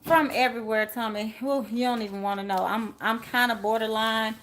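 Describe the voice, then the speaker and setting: A woman's voice: on the high side, steady tone, brisk, a bit bright, slight background noise. A woman giving a live-stream tarot reading, chatting with viewers and laughing often. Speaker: tarot reader.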